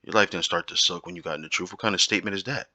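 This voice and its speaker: A man's voice: low voice, very fast, bright, forceful tone, dry recording. A man giving an informal Bible teaching, talking emphatically and repeating his points, often checking in with "right?". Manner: emphatic, repetitive, keeps asking "right?".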